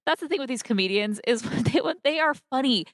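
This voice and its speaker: A woman's voice: fairly high pitch, expressive, brisk, no echo, studio quality. A woman co-hosting a podcast, chatting casually about a film in an underground parking garage, laughing often and thinking aloud. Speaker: podcast co-host. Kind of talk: casual movie review chat.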